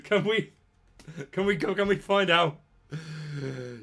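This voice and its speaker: A man, hosting a card-opening video with jokey, excitable commentary and bursts of shouting. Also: fairly high pitch, moderate pace. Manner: excitable, jokey trash talk with sudden shouts. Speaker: trading card channel host. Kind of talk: casual pack-opening commentary.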